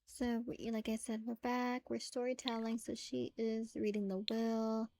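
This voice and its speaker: Woman gameplay storyteller, casual and filler-heavy, slightly high voice, lots of fry. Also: level tone, measured pace, darkish tone, dry recording. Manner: chatty, filler-heavy with frequent "like". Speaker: gameplay narrator. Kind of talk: casual let's-play storytelling.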